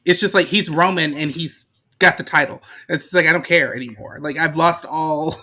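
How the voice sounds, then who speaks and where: A man's voice: a little high, moderate pace, bright, forceful tone. A man co-hosting a podcast in casual chat, giving blunt, opinionated takes. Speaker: podcast co-host.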